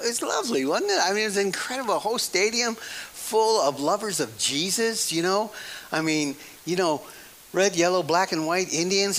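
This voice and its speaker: A man's voice: high-pitched, a bit bright, rough recording. A male preacher giving a folksy, emphatic sermon, repeating phrases and often breaking into laughter.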